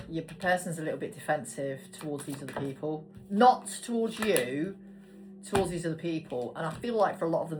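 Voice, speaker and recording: A woman giving a casual tarot card reading, chatty and swearing casually as she talks. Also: sits low. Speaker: tarot reader. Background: background music.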